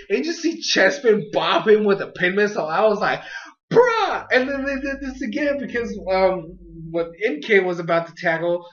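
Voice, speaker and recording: A young man casually recapping an anime episode, excitable and rambling, with lots of fillers and quick character impressions. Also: high-pitched, muffled recording.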